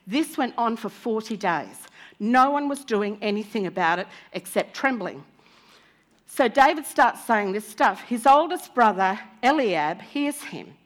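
A woman preaching a sermon, retelling a Bible story with lively, animated storytelling. Her voice sits somewhat high for a woman. She slips into the lines of the people in the story as she goes.

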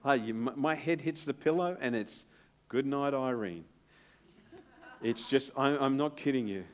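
A middle-aged man, a pastor, preaching a sermon in an earnest, emphatic way and dropping to a hushed tone to reassure. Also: medium pitch, normal speed.

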